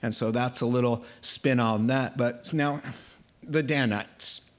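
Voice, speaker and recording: A man preaching a sermon, telling a Bible story in an animated, playful way. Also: medium pitch, takes it slowly. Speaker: pastor.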